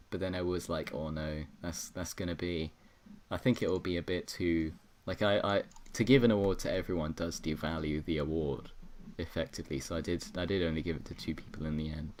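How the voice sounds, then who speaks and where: Deep-voiced young man, rambling podcast host. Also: fairly even intonation, brisk, a little mellow, slight background noise. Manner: rambling, self-correcting, jokey. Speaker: podcast host presenting awards. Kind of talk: casual chat on an online call.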